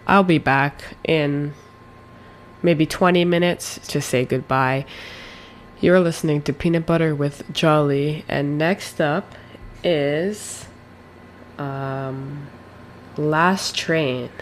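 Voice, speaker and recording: Late-night college radio DJ, unhurried and rambling, with a faint hiss underneath. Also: mid-range voice. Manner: meandering, hedging, corrects itself mid-sentence. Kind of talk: casual radio mic break. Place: radio studio.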